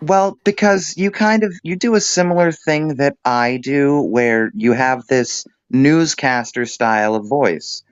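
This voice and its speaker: A man's voice: medium pitch, a little slow, hardly any pauses, clean tone, no echo. Profane, jokey man on a muffled stream. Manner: profane, jokey, slips into put-on accents. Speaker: panel guest. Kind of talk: casual stream chat.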